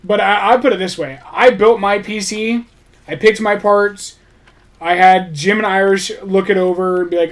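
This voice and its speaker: A man's voice: sits high, fairly even intonation, moderate pace. A man chatting casually on his livestream, rambling, restarting sentences and swearing offhandedly.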